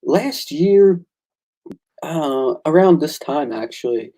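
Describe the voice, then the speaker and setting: A man who creates and draws comics, chatting casually and excitedly, acting out the conversations he recounts. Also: fairly high pitch, takes it slowly, rough recording. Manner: excitable storyteller, acts out quoted exchanges. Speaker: comic book creator and artist. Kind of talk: casual chat.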